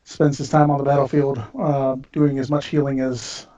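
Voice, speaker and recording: Mellow male player, distant and muffled. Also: medium pitch, level tone. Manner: slow, halting, with fillers. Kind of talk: describing his character.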